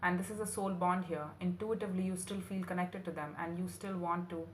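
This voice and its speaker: A woman's voice: fairly low pitch, fairly even intonation, fairly quick. A woman doing a tarot reading for her viewers, earnest and emotional, calling the listener honey. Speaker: tarot reader. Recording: roomy echo, faint room noise.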